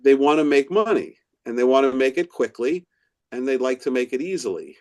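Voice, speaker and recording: A man's voice: medium pitch, brisk. A middle-aged man, an author and professor, telling stories in a casual interview and acting out the voices of people he quotes. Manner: animated storyteller who acts out quoted voices. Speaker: author and professor, podcast guest.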